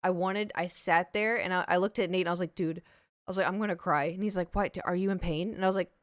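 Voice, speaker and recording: A young woman streamer telling a story to her live chat in a rambling, chatty way, full of "like" and quick laughs. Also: fairly low pitch, steady tone, no echo, clean studio sound. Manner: chatty, rambling, heavy use of "like", laughs easily.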